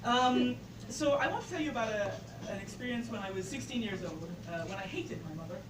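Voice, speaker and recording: A woman's voice: on the high side, expressive, a little fast. A woman in her twenties with an English accent, telling a story live on stage, chatty, with many fillers and laughing at her own story. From England. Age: 20s. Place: bar stage before a live audience. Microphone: distant camera mic. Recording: roomy, distant live recording with loud crowd and noise.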